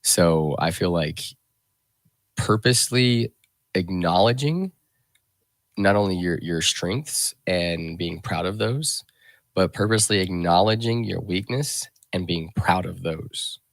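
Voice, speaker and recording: A man hosting a radio talk show, speaking reflectively in a rambling, halting way full of restarts and fillers. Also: low voice, vocal fry, no echo.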